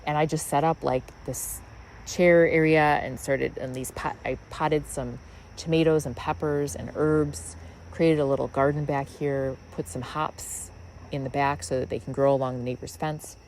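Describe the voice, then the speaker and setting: A woman's voice: low voice, steady tone, normal speed, a little mellow, a little hiss or hum, low-quality recording. A woman hosting a spiritual podcast, talking outdoors in her backyard in a rambling, musing way with many fillers. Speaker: podcast host. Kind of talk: reflective spiritual monologue.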